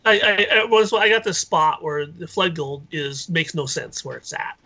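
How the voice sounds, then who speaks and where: A man telling a rambling, excited story as a guest on a live call-in show. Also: a little high, normal speed, slightly rough, lo-fi sound. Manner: rambling, excited, acts out quoted voices. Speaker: inventor and guest.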